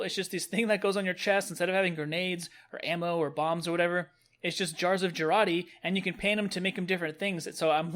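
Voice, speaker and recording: A man's voice: sits high, a bit bright. A young man casually reviewing new game cosmetics, upbeat and rambling. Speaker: gaming video host.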